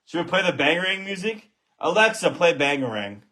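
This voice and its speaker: Loud, swearing male box break host, high and bright voice, swings wildly in pitch, bursts into shouts. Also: a little fast. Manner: excitable, profane, shouts at big pulls. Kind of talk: live box break stream commentary.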